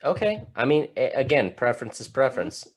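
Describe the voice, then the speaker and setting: A man's voice: mid-range voice, very animated, brisk, husky. A man hosting a podcast, asking blunt questions, swearing freely and stumbling over his words. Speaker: podcast host. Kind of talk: casual podcast chat.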